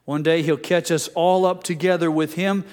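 An older man preaching a sermon, telling stories gently and dropping soft and low for quotes. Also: fairly even intonation, moderate pace, long reverb tail. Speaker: pastor.

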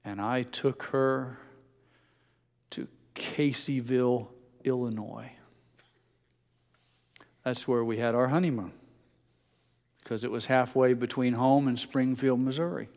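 A man's voice: steady tone, takes it slowly, vocal fry, pauses often. Older male pastor in a reverberant hall. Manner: gentle storytelling, drops soft and low for quotes. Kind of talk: sermon with personal stories.

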